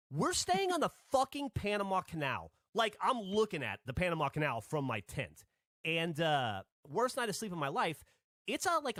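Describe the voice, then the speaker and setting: A man's voice: mid-range voice, fairly bright tone, no echo, studio quality. A man from Alabama, a podcast host, telling a rambling story in casual chat and swearing freely.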